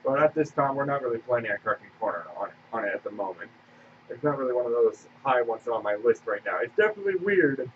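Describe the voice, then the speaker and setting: A man co-hosting a casual podcast, answering viewer questions in a quick, offhand way. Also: medium pitch, animated. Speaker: podcast co-host. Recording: tinny, distant phone-like line with faint hiss.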